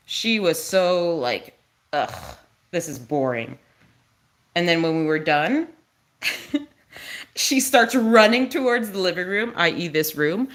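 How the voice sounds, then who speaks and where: A woman's voice: mid-range voice, a bit bright. A woman chatting on a casual live stream, explaining dog breeds to viewers and cooing at her dog between remarks.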